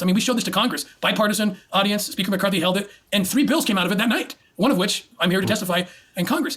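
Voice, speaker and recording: A man's voice: sits high, a bit bright. A man talking as an interview guest in an earnest, emphatic storytelling way. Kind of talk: interview conversation.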